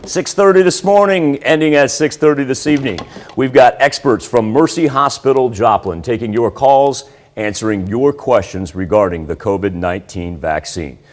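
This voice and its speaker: A man's voice: medium pitch, moderate pace. A man giving a morning TV weather forecast in an upbeat, conversational manner.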